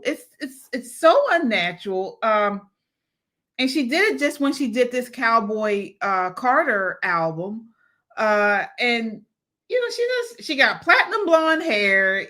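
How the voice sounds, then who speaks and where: A woman's voice: fairly high pitch, bright, forceful tone. A woman co-host in a casual panel chat who hesitates often with ums and uhs.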